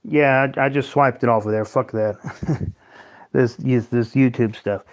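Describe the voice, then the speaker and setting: A man's voice: medium pitch, fairly even intonation, unhurried. Swearing, rambling man hosting a livestream. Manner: profane, rambling, laughs often. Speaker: livestream host. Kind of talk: casual livestream chat reading viewer comments.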